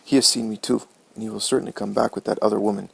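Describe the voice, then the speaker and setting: A man's voice: lowish voice, level tone, racing, gravelly, husky, heavily acted, poor audio. A man voicing an evasive, scheming young male disciple who answers hesitantly, in an audiobook reading.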